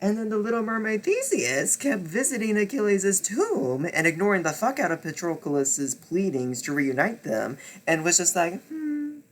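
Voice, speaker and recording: A man's voice: very animated, moderate pace, few pauses. A man casually reviewing books he read, telling it dramatically, swearing and repeating himself as he gets worked up. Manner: swings from low muttering to loud near-shouting. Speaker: book reviewer. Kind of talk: casual book wrap-up vlog.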